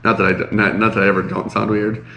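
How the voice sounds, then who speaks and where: A man's voice: fairly low pitch, flat delivery, quick pace, vocal fry, bright, forceful tone, reverberant, a little hiss or hum. A man co-hosting a casual podcast, sounding congested and nasal, rambling with lots of fillers. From Chicago area. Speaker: podcast co-host. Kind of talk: casual chat.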